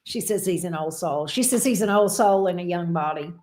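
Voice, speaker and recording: A woman who reads tarot and hosts her own channel chats casually and playfully on her livestream, often adding fond asides. Her voice is lowish, a little fast, and a little mellow.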